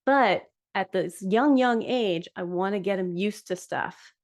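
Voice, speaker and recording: A woman's voice: mid-range voice, unhurried. A woman in her fifties, a dog groomer hosting a podcast, talking frankly and chattily in casual solo talk. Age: 50s. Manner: frank, chatty, with fillers and laughs.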